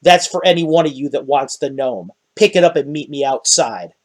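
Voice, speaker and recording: A man's voice: mid-range voice, animated, normal speed, pitched below the performer's own voice, natural voice. A man voicing a brash male archer companion who gives curt, commanding orders in a tabletop game. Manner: terse, commanding.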